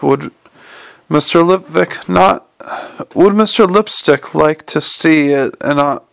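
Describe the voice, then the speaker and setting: Man reading as a fidgety gushing inventor, lecturing, stumbling on words, raised pitch, gravelly edge, dry close sound. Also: slow, a bit bright, no echo, full character voice. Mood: eager. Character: eager rambling male inventor, excitable and long-winded. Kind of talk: audiobook character voice.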